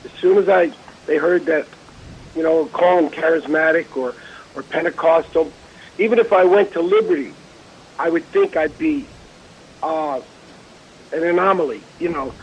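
A man's voice: on the high side, slight background noise. Hesitant male caller on a muffled line. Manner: hesitant, searching for words. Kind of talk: phone-in question.

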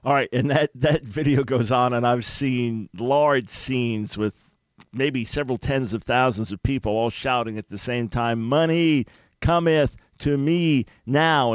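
Male talk radio host, earnest, emphatic, close dry studio mic, mid-pitched voice. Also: fairly even intonation, moderate pace, no room sound. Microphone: studio microphone.

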